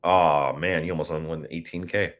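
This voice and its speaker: A man's voice: low-pitched, steady tone, normal speed, a bit bright, a little hiss or hum. A man casually hosting a live-stream prize giveaway, goofy and chatty, reading out codes and talking to viewers.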